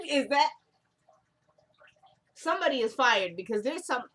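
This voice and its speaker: A woman's voice: high voice, sing-song, slow, fairly bright tone. A young woman recapping a TV episode in casual chat, rambling and talking straight to her viewers at home.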